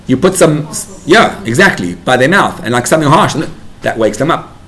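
A man's voice: mid-range voice, animated, a little fast, a bit bright. A man giving a Torah class to parents as a rabbi, talking animatedly and building to emphatic bursts.

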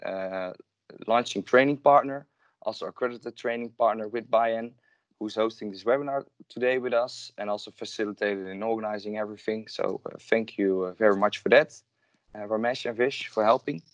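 Male webinar host, lowish voice, hesitant, dry close sound. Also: moderate pace, no echo. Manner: hesitant, with frequent fillers. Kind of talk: webinar introduction.

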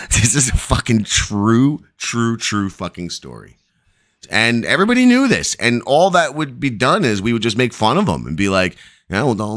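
A man's voice: mid-range voice, fairly bright tone. A man hosting a live stream, telling a long, rambling story full of profanity.

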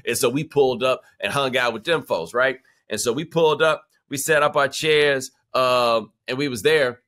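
A man's voice: medium pitch, sharp tone. Man rambling loosely as co-host. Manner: loose, rambling storyteller with lots of repeats. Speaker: podcast co-host. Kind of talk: casual sports talk banter.

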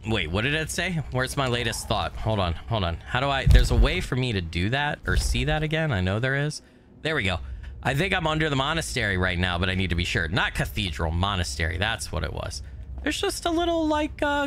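A man casually commentating his game on a live stream, greeting viewers by name and swearing offhandedly, his voice a little hoarse from recovering. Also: lowish voice, a bit bright, slight background noise. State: voice still recovering, slightly hoarse. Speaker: gaming streamer.

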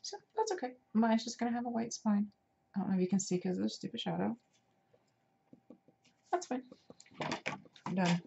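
A woman's voice: mid-range voice, steady tone, fast, vocal fry, mellow, breathy edge. A woman hosting a casual crafting tutorial, chatty and self-deprecating as she talks while working. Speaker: craft video host. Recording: dull lo-fi home recording with noise.

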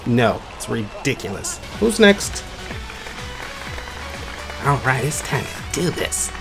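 A man hosting and judging a talent show in an animated game skit, in a playful, wry way. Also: mid-range voice, normal speed, vocal fry, music in the background. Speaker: talent show judge and host.

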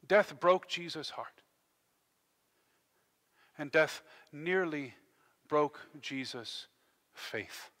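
A male pastor preaching an impassioned sermon, dropping to a hush and then rising to loud declarations. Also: a little high, very slow, long pauses. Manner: impassioned, swinging between hushed and loud delivery. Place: church. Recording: long church-hall reverb.

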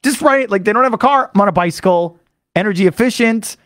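A man hosting a sports radio show, telling a rambling, excitable story full of fillers into a studio microphone. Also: high-pitched, quick pace, no echo. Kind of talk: animated monologue recapping a trip.

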